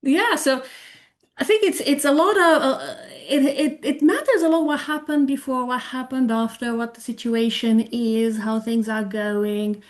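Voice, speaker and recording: Slow, explanatory woman presenting a talk. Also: high-pitched. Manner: explanatory, thinking aloud, self-correcting. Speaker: presenter on medical English teaching. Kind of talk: conference talk with live software demo.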